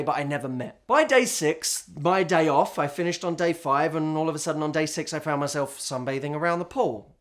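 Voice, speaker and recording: A man hosting a scripted vlog monologue, telling a story in an animated, theatrical way. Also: on the high side. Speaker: host and coach.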